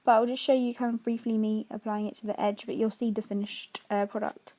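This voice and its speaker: A woman's voice: fairly high pitch, little pitch movement, fairly quick, warm tone. A young woman, chatty and explaining each step of a makeup tutorial. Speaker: makeup artist.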